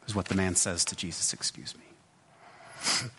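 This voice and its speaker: A man giving a sermon as a pastor, in a conversational, halting way with many restarts and asides. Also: low voice, bright, forceful tone, slight background noise. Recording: long hall reverb.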